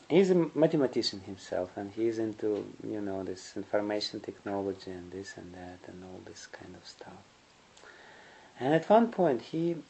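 A man's voice: fairly low pitch, mellow, low-quality recording. A man giving a spiritual lecture, telling stories in a rambling way and chuckling often. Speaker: spiritual teacher.

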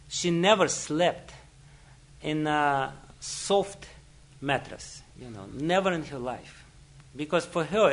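A man's voice: fairly high pitch, a bit bright. A man giving a spiritual talk, telling a story and chuckling often, with many "you know"s. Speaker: spiritual teacher. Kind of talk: storytelling lecture.

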